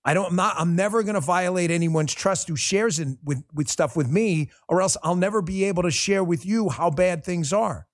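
A man's voice: high voice, moderate pace, hardly any pauses, no echo, studio quality. A man hosting his own talk show, delivering a passionate, blunt monologue with casual swearing. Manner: impassioned, blunt, swears freely. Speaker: show host.

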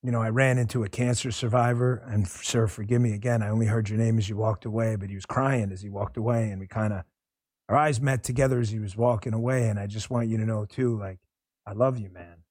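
A man's voice: lowish voice, fairly even intonation, fast talker, darkish tone, no echo, clean studio sound. A man hosting his own talk show, delivering a passionate, blunt monologue with casual swearing. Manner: impassioned, blunt, swears freely. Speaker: show host.

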